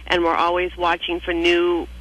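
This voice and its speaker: Over a tinny phone line, a woman from New speaks earnestly and steadily as an advocacy spokeswoman during a phone-in radio interview. Her fairly low voice is monotone and a bit bright, at normal speed, in a dry recording.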